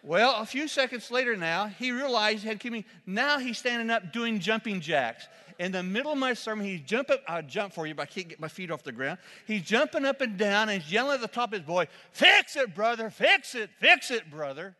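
A man with a high, bright, ringing voice delivers a sermon from the pulpit of a church. He tells stories with humor and breaks into loud, shouted quotations. The sound carries a long hall reverb. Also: animated, brisk, hardly any pauses. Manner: storytelling with shouted acted quotes and humor. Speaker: pastor.

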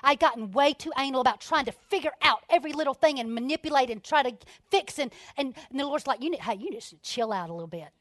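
A middle-aged woman telling a lively story to a church audience, laughing often and dropping into soft asides. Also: high-pitched, quick pace, no echo, clean studio sound. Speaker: speaker at a women's ministry event.

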